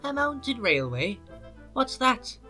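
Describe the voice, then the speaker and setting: A man's voice: extremely high pitch, very animated, slow, pushed and bright, soft background music, voice pushed up, full character voice. Sir Handel, a man doing a petulant engine. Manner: whiny, disbelieving. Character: proud, petulant young male engine.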